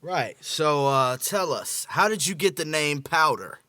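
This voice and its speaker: A man with a bright, mid-pitched voice hosts a casual comedy podcast. He teases his guest in a loose, laid-back way and laughs often. The sound is dry and close. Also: lively intonation, a little slow, no echo. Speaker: podcast host.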